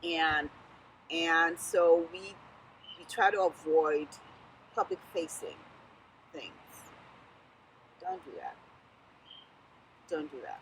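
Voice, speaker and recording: A woman's voice: deep voice, takes it slowly, pauses often, slight background noise, poor audio. A woman with a Southern US accent, a political candidate speaking in an interview in an emphatic, encouraging way that repeats key phrases. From Sierra Leone. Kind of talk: casual interview talk.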